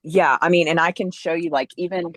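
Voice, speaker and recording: A woman guest on a podcast, chatting casually about faith and telling a story in a lively way, acting out the voices of the people she quotes. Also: on the low side, fairly quick, no room sound.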